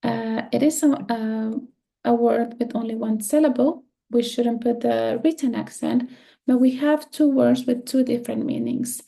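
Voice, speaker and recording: Woman, language teacher, fairly high voice, gravelly fry, pauses and fillers. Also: fairly even intonation, dark tone. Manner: slow and careful, with many pauses and fillers. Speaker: Spanish teacher. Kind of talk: explaining a grammar lesson.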